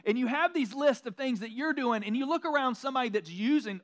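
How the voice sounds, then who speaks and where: A pastor preaching a sermon in a conversational, self-deprecating way, slipping into mocking quoted asides. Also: male voice, very high voice, fast talker, hardly any pauses, fairly bright tone.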